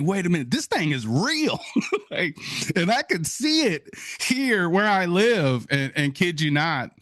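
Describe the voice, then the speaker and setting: A man speaking to an audience in an animated storytelling style, often jumping up in pitch as he acts out his own amazement. He talks in a middle register, and the sound is dry and close with no room echo. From Wisconsin, USA. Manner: addresses audience as folks and y'all. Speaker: guest speaker. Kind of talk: inspirational talk to an audience.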